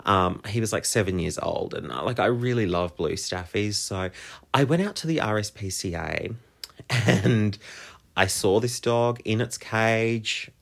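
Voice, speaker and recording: A man's voice: fairly low pitch, a little slow, gravelly. A man, hosting a solo podcast and talking in an open, heartfelt, reflective way. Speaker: podcast host. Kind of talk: candid solo podcast monologue.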